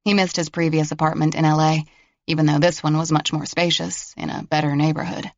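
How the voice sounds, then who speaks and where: A man narrating a mystery thriller audiobook in a steady, even storytelling way. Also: fairly high pitch, brisk, creaky, no echo, muffled recording. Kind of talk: scripted narration.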